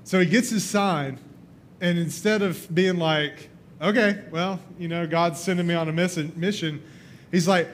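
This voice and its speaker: Animated male preacher retelling a story. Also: fairly high pitch, normal speed. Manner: animated storytelling, acting out the characters' lines. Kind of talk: sermon.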